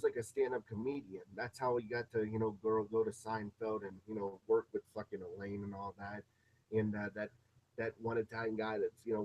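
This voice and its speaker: A man's voice: fairly low pitch, a little mellow, dull audio. A man ranting casually in a rambling, profane, off-the-cuff way. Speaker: vlogger.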